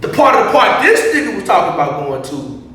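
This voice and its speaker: Guy in his 30s, high voice, telling a wild story all animated, swearing a lot, echoey room, mic kinda far. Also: brisk. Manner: animated, swears freely, acts out other people's lines. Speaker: guest rapper. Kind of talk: casual storytelling. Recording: echoey room, distant mic, faint noise.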